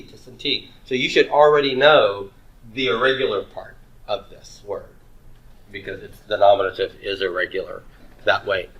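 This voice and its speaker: A man's voice: lowish voice, fairly bright tone, rough recording. A man teaching a Greek grammar class in a classroom, upbeat and joking as he leads the students through drills. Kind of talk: classroom lecture.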